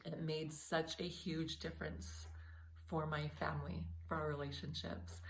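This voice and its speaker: A woman's voice: deep voice, little pitch movement, measured pace, a little hiss or hum. A woman vlogger talking to camera in an earnest, encouraging way, speaking straight to her viewers. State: a little emotional. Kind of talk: heartfelt talk to camera.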